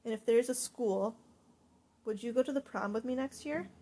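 A woman's voice: fairly high pitch, normal speed, mellow, a little hiss or hum, natural voice. A woman voicing an earnest, fretful teenage boy in an audiobook reading, his talk rising to agitation. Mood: tender.

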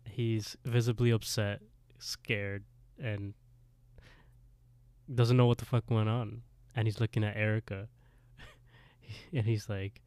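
A man's voice: on the low side, measured pace, dry recording. A man co-hosting a podcast, casually retelling a TV episode with lots of swearing and laughter. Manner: animated storyteller, swears, laughs often. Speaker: podcast co-host.

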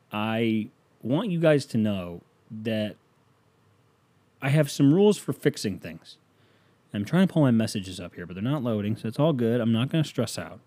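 A man from the United States hosting a podcast, ranting in a casual comic way, swearing and firing off rhetorical questions, swinging between loud outbursts and low mutters. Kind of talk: casual comedic rant.

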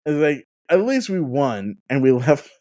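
A podcast host spinning a casual gaming anecdote with a lively, wide-ranging pitch that swoops up and down. The delivery is animated and sprinkled with "like" fillers. The voice sits at a middling pitch. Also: unhurried. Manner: laughs through stories.

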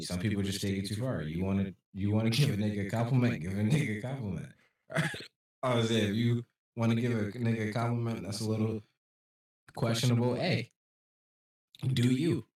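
A man's voice: fairly low pitch, normal speed, long pauses, darkish tone, far from the mic. A man co-hosting a casual podcast chat who acts out what people say as he tells stories. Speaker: podcast co-host. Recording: echoey room, off the mic.

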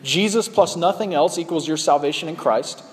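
A man preaches to his congregation in a relaxed, conversational way, pausing often on ums and uhs. His voice sits a bit high for a man. The sound carries a long reverb from a large church sanctuary. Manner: conversational preaching with frequent fillers. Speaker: pastor. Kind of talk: sermon.

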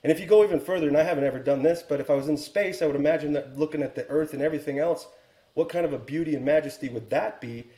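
A man in his forties tells a story as a podcast guest, earnest and reflective, pausing to restart his thoughts. His voice is mellow and warm, and the room around him has a noticeable echo. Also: a little high. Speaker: guest, Air Force helicopter pilot and author.

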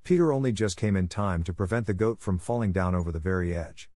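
A man narrating a children's story aloud in a steady storytelling manner. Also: low-pitched, fast, dry recording, studio quality. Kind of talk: audiobook reading.

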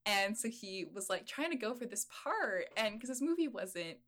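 A woman's voice: fairly high pitch, very animated, moderate pace, a bit bright. A woman chatting casually about a film, telling stories with enthusiasm. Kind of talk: casual movie discussion.

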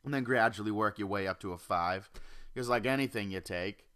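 Young male podcast host, solo rant at home, crisp voice, constant cursing, drifts off topic. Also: fairly low pitch, a little fast, a bit bright. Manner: profane, rambling, jumps off topic. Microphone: home computer or desk mic.

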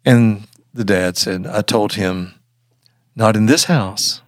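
An older man, a podcast guest, telling a story earnestly with many halting restarts, recorded close on a studio mic. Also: on the low side, dry recording. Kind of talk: storytelling in an interview.

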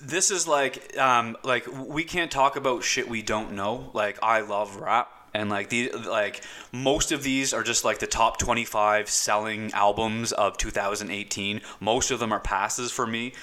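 A man's voice: fairly low pitch, steady tone, a little slow, pushed and bright. A man from Nova Scotia co-hosting a podcast, talking casually with many fillers and restarts. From Nova Scotia, Canada. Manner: rambling, filler-heavy, repeats words. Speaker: podcast co-host. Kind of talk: casual chat. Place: indoor room, drinking with friends.

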